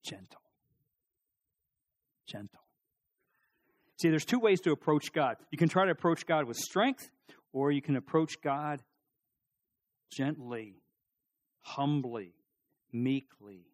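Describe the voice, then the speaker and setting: A middle-aged male pastor preaching a sermon in church, animated, acting out voices and rising to loud peaks. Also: fairly high pitch, a little slow, pauses often.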